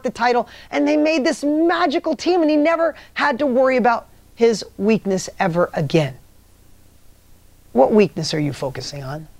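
A man's voice: very high-pitched, no echo. Male motivational speaker, emphatic storyteller who acts out quotes, dry close sound.

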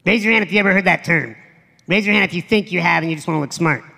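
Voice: medium pitch, racing, gravelly, bright, forceful tone, long reverb tail. A motivational speaker giving a live stage talk to an audience, blunt and profane, emphatic, acting out quoted voices.

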